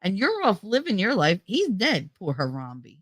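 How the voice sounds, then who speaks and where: A woman with a West Indian accent tells stories on her podcast in a casual, profane rush, often mimicking the people she complains about. Her pitch swings widely. The sound is dry and close, with no room around it. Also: moderate pace, no room sound. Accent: West Indian, thicker when angry. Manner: animated, profane, mocks others in put-on voices. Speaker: podcast host. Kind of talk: casual storytelling rant.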